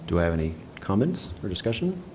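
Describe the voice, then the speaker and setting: A man chairing a school board meeting, moving briskly through agenda items. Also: sits low, big pitch swings, darkish tone. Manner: brisk procedural.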